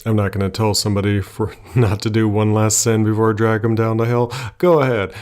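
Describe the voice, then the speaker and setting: Guy doing a grumpy devil, deep-ish voice, folksy and impatient. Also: flat delivery, a little fast, darkish tone, close to an everyday voice. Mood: amused. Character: scheming male devil collecting a soul.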